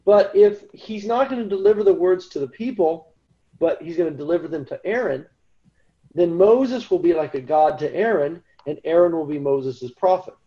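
A man's voice: fairly high pitch, moderate pace, lo-fi sound. A man giving a Bible study lecture in a conversational way, often checking in with "right?". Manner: conversational, keeps asking "right?". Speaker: Bible teacher.

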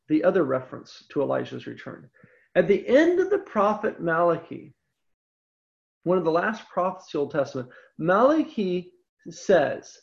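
A Bible teacher lecturing on scripture with a lively voice that swings up and down, slowing down on the points that matter. The recording sounds dull and lo-fi. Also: mid-range voice. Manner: animated, emphatic, slows down on key points.

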